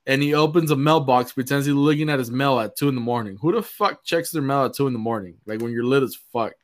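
A man's voice: medium pitch, quick pace. A young man casually recounting a wild night out, swearing freely and acting out the voices of the people in his story. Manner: profane, animated retelling, acting out quoted voices.

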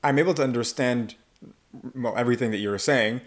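A man's voice: mid-range voice, a little fast. A man working as an English accent coach, explaining and demonstrating pronunciation in a casual podcast conversation.

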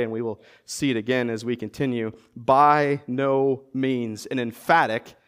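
An American man preaching a sermon as pastor, earnestly teaching and pressing emphatic rhetorical questions. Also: a little high. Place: church sanctuary.

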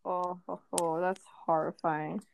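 A woman co-hosting a podcast in relaxed, casual chat who reacts quickly to her co-host's stories. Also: lowish voice, gravelly, slight background noise. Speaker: podcast co-host.

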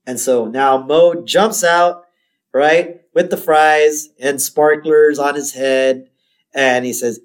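Male podcast co-host, slightly high voice, casual recap chat, laughs a lot, raises his voice for quoted lines. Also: fairly even intonation, takes it slowly.

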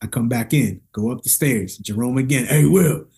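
A man speaking as a motivational speaker on a podcast, telling his own story with animated energy. His voice is husky and sits at a middle pitch, and he leans on casual slang. When he quotes other people, his pitch leaps up. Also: moderate pace. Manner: lively, slangy, acts out dialogue with big pitch jumps.

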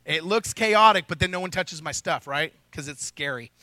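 High bright-voiced pastor guy preaching, jokey and chatty, dry close sound. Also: moderate pace, no room sound. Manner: joking, conversational, asks the crowd "right?" often. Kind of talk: sermon. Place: church hall with a congregation.

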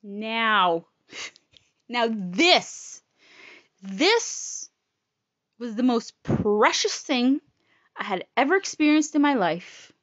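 A woman's voice: a little high, sing-song, drawn-out words, pauses often, fairly bright tone, dry recording, highs cut off. A woman telling a personal story in a casual, blunt, profane and emotional way.

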